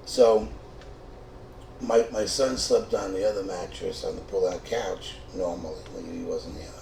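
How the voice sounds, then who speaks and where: A man's voice: sits low, unhurried, gravelly. A middle-aged man telling a comic true story, swearing freely and stumbling over restarts. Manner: profane, stammering restarts, animated. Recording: echoey room, distant mic, faint noise.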